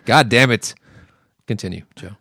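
A man co-hosting a casual chat, excitable and profane, laughing often. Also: mid-range voice, moderate pace, creaky, dry recording, clean studio sound. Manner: excitable, laughs a lot, swears. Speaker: podcast co-host.

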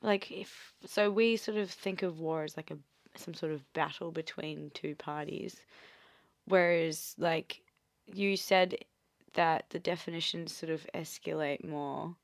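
A woman's voice: sits low, a little slow, no room sound. An Australian woman co-hosting a casual word-origin chat in a studio, playful and full of questions. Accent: Australian English. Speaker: podcast co-host. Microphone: studio mic.

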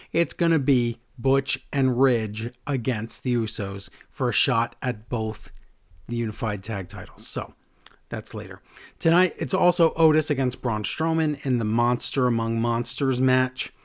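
A man casually recapping wrestling with animated storytelling, slipping into quick quoted voices. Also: medium pitch.

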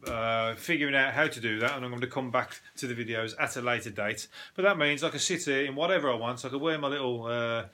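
Sweary, mocking bright-voiced man. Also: mid-range voice. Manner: sweary, mocking, laughs at his own jokes. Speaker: podcast host. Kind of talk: solo news commentary podcast. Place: at home, no video.

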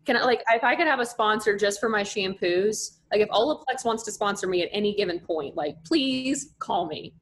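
A young woman chatting casually as a podcast guest, full of "like" fillers and animated storytelling. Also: medium pitch, brisk, few pauses. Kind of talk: casual chat.

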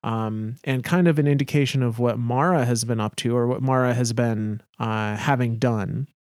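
A man's voice: mid-range voice, moderate pace, a little mellow, clear, resonant tone, no room sound, clean studio sound. A man co-hosting a gaming podcast, narrating story passages and chatting casually. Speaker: podcast co-host.

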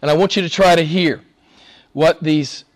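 A male pastor preaching a sermon, emphatic, swinging between loud exclamations and hushed asides. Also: a little high, moderate pace.

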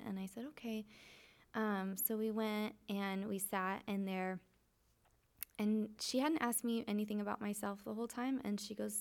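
Gravelly-voiced woman telling her story. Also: medium pitch, flat delivery, moderate pace, a little mellow. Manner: earnest, emotional, frequent fillers and restarts. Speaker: guest sharing testimony. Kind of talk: candid conversational storytelling.

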